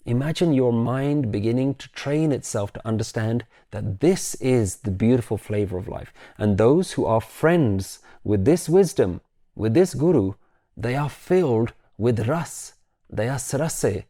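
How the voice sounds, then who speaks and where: A man giving a reflective spiritual talk, gently asking questions and leading the listener through guided imagery. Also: mid-range voice, lively intonation, a little slow. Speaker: spiritual teacher.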